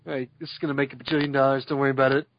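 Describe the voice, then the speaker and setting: A man's voice: mid-range voice, very fast, highs cut off, a little hiss or hum. A man co-hosting a podcast in casual chat, telling stories with jokes and frequent laughter. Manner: joking, animated storyteller, laughs often. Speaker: podcast co-host.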